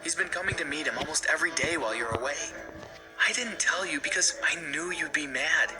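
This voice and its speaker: A man voicing a distressed mother who pleads and apologizes, in an animated storytime video with music behind. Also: medium pitch, moderate pace, pitched above the performer's own voice, close to an everyday voice. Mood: pleading. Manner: emotional, pleading. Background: background music.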